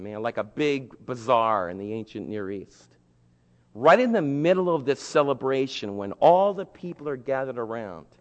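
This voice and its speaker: A man preaching a sermon, retelling a story in a lively, colloquial way. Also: on the high side, in a large hall.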